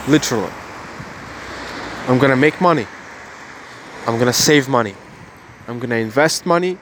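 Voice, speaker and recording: A man's voice: mid-range voice, a little hiss or hum. Earnest young man venting to camera. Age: 20s. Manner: repetitive, earnest, restarts phrases. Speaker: vlogger. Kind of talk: emotional personal monologue.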